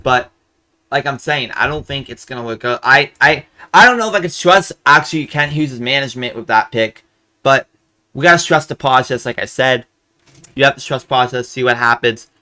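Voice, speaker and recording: A man's voice: mid-range voice, expressive, moderate pace, bright, forceful tone. A young man hosting a hockey fan channel, ranting angrily and profanely about a draft pick, repeating himself. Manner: frustrated, profane, repetitive. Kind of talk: angry fan rant.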